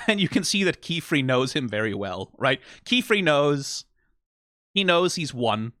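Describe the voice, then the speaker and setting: A man hosting an anime reaction, talking in casual, animated commentary, often asking "right?" and laughing. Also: on the high side, unhurried, no echo, clean studio sound.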